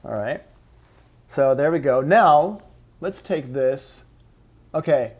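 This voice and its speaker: A man's voice: mid-range voice, lively intonation, drawn-out words, long pauses, darkish tone, breathy edge. A man teaches music production in a live-streamed online class. His voice sits in a plain middle range. He explains each step in a casual, upbeat way.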